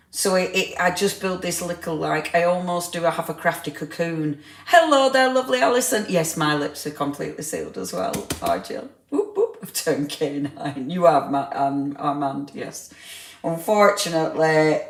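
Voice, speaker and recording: A woman's voice: lowish voice, roomy sound. Chatty woman hosting a craft stream. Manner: chatty, laughs often, teasing. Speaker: crafting livestream host. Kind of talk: casual live chat with viewers. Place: home craft room.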